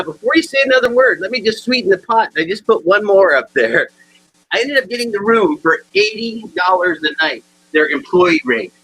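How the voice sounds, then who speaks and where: A man in his sixties giving a humorous motivational talk, animated and acting out the people in his stories. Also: sits high, husky, rough recording. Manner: animated storyteller acting out dialogue. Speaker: keynote speaker.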